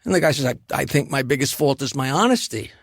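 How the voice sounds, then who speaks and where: A man telling comedy stories as a guest on a podcast, animated, with quick asides. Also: mid-range voice, gravelly, no room sound, clean studio sound. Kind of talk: casual storytelling.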